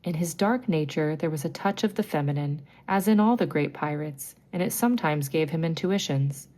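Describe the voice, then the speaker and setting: A woman narrating a bedtime story, reading gently and clearly. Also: deep voice, expressive, moderate pace.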